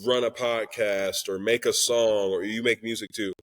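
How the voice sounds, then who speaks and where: A man's voice: lowish voice, fairly even intonation, moderate pace, a bit bright. A young man, a guest telling a personal story in candid conversation, acting out the voices of people in it. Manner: earnest and emotional, acts out quoted dialogue. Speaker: podcast guest, Christian rapper.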